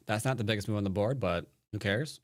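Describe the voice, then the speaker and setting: A man's voice: fairly low pitch, fast, no echo, clean studio sound. A man who plays and teaches Go, giving casual live-stream commentary while he plays, rambling and joking to himself and often trailing off into mutters. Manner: joking, wry asides. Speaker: Go player and teacher streaming a game.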